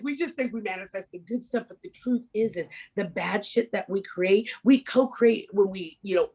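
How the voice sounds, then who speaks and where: A woman's voice: mid-range voice, breathy edge. A woman speaker leading a small group workshop, talking openly and animatedly and getting everyone to repeat affirmations. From Kansas. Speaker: motivational speaker. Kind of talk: interactive workshop talk.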